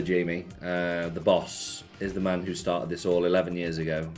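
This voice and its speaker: A man's voice: deep voice, little pitch movement, unhurried, few pauses, faint music behind. A man hosting a casual live stream, chatting offhandedly and answering viewer messages. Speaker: slots streamer.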